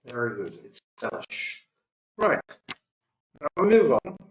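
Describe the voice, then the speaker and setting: A man's voice: mid-range voice, huge pitch swings, slow pace, reverberant, far from the mic, low-quality recording. A male English teacher leading a classroom lesson, patiently prompting students and repeating their answers.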